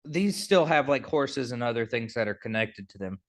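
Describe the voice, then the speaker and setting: A young man running a tabletop game at a mid-range pitch. He explains rulings in a halting way, with plenty of ums and restarts. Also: expressive. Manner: halting, filler-heavy explaining. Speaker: game master.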